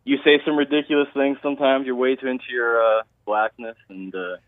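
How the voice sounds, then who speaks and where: A man's voice: medium pitch, steady tone, fairly quick, no room sound. A man from Toronto with a Toronto accent, calling into a talk show and rambling casually in slangy talk. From Toronto, Canada. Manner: rambling, loose slangy talk with many restarts. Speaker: caller. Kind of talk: casual phone-in chat. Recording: tinny phone line.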